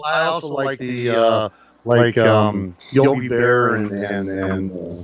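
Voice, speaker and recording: A man's voice: mid-range voice, slow. A man hosting an internet radio talk show, chatting casually and playfully, forever slipping into impressions. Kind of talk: casual chat.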